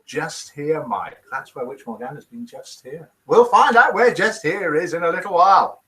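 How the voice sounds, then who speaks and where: Forceful and bright, his fairly high voice has lively intonation and moves at normal speed, captured in a rough recording. He's a fifty-something British man hosting a live daily show, chattily and self-mockingly reading out viewer comments and jokes in put-on voices.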